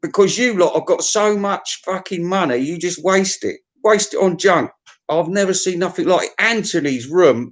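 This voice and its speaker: A man's voice: sits high, expressive, moderate pace. A man hosting a vinyl collector's live stream, ranting sarcastically and swearing as he talks to his chat. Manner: profane, sarcastic, mocking rant. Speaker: vinyl collector channel host.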